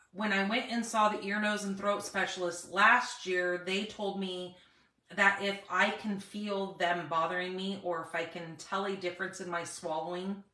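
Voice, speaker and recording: A woman's voice: mid-range voice, bright, forceful tone, echoey room, recorded from a distance, rough recording. A middle-aged woman chatting casually on a live stream, greeting viewers by name, with a dry cough and a cough drop in her mouth. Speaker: paper crafting host.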